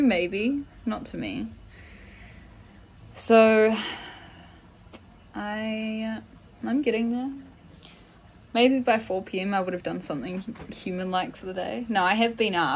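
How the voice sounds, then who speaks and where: A woman's voice: mid-range voice, lively intonation, a little slow, long pauses, poor audio. A woman travel vlogger chatting casually to a phone camera outdoors, rambling and self-deprecating. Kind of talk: casual vlog chat to camera. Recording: loud traffic noise outdoors. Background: loud traffic and street noise.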